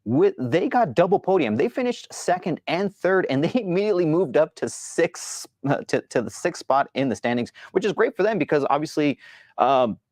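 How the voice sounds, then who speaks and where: A man's voice: fairly high pitch, very animated, normal speed, a little mellow, dry recording, clean studio sound. A man hosting a sports show, chatting casually about games with lots of restarts and fillers. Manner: rambling, many restarts and fillers.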